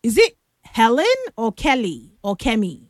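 Woman, radio host, high lively voice, unhurried teasing delivery, dry close mic. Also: no room sound. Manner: lively, teasing, drawn-out emphasis. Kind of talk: playful call-in radio chat. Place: radio studio.

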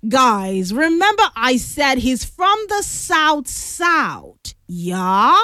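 High, bouncy woman radio host. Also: no room sound, studio quality. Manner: lively, teasing, drawn-out emphasis. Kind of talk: playful call-in radio chat. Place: radio studio.

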